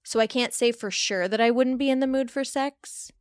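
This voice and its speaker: A woman in her thirties co-hosting a podcast, chatting casually and reading a horror passage aloud with animated emphasis. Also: on the high side, normal speed, dry recording, clean studio sound. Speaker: podcast co-host.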